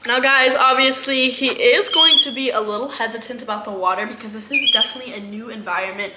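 A woman's voice: on the high side, fast, very noisy. A young woman hosting a casual animal vlog, explaining things to viewers and cooing in baby talk to a pet. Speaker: animal care vlogger.

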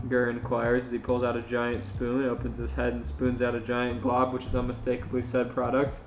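A man co-hosting a podcast, chatting casually in a low-key, mumbly way and reading fan fiction aloud. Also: monotone, brisk, hardly any pauses, faint music behind. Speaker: podcast co-host. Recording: roomy echo.

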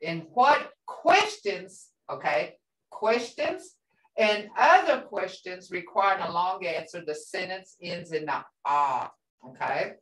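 A woman's voice: fairly low pitch, animated, slow pace, fairly bright tone. A woman teaching a language class, patiently repeating words and sounds for her students. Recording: roomy sound from a distance.

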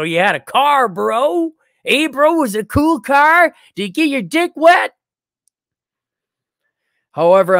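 A man's voice: on the high side, clean tone, no echo, clean studio sound. A male host reading a viewer's letter aloud and answering it with blunt, mocking sarcasm.

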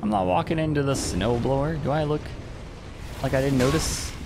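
A man's voice: fairly high pitch, moderate pace, gravelly, background noise. A man streaming an online game, giving casual commentary in a playful, teasing way with frequent chuckles.

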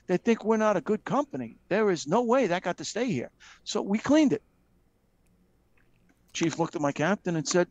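A middle-aged man, a retired fire captain, telling lively stories with frequent ums and acting out the dialogue he quotes. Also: sits high, fairly quick, long pauses. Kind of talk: casual storytelling in a live video chat.

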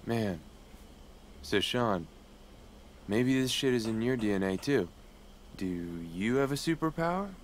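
A cocky, laid-back drifter, animated delivery, game dialogue. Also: male voice, on the low side, a little slow, long pauses, a little hiss or hum. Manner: laid-back, casual slang.

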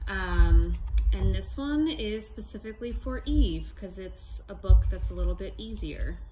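A woman's voice: mid-range voice, animated, a little slow, background noise. A woman reading a rhyming picture book aloud to children in a casual, sing-song way. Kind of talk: casual storybook read-aloud.

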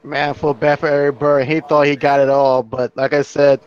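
A man's voice: fairly high pitch, level tone, moderate pace, muffled recording. A man giving casual color commentary on a race, with laid-back, short reactive remarks.

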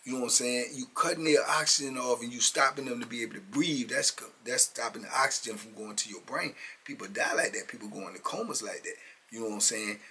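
Gravelly, emphatic man in his fifties. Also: mid-range voice, fast talker, pushed and bright, slight background noise. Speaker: former prisoner telling prison stories. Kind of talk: casual storytelling monologue.

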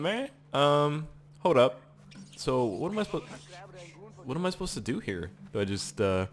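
A man giving casual gameplay commentary, excitable, swearing often and laughing at surprises. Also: mid-range voice, a little slow, long pauses. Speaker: gaming channel host.

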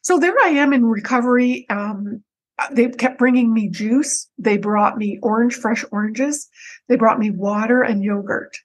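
Woman, podcast guest, personal storytelling, fairly high voice, animated, restarts and repeats words. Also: unhurried, low-quality recording. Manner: animated, breaks into her own quoted speech.

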